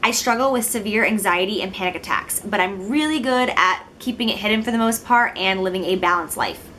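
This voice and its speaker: Woman, twenties, from Illinois, beauty vlogger, casual chat, giggly, self-deprecating, mid pitch, faint background noise. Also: fairly quick, bright, forceful tone. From Illinois, United States. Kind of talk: casual talk to camera.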